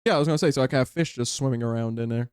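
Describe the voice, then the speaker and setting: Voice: mid-range voice, racing, darkish tone, clean tone, dry recording, clean studio sound. A streamer chatting casually while playing a game with friends, rambling and self-mocking. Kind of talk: casual gaming chat with friends.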